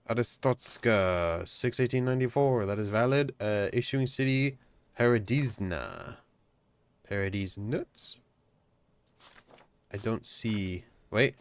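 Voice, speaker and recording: A man's voice: lowish voice, slow, clear, resonant tone. A man casually commentating a game, reading its text aloud and cracking jokes. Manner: jokey, reads game text aloud, bursts into shouting. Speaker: gamer playing a border-inspector game. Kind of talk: casual let's-play commentary.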